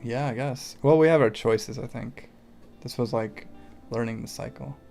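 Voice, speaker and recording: A man's voice: medium pitch, normal speed, creaky, dark tone, faint music behind. Easygoing man thinking aloud over gameplay. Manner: thinks aloud, hesitant with fillers, dry jokes. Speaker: co-host of a gaming channel. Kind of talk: casual let's-play chat.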